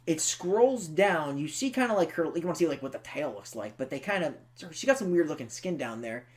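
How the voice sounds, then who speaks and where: Animated, teasing male podcast co-host. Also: a little high, a little fast. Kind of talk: casual film review chat.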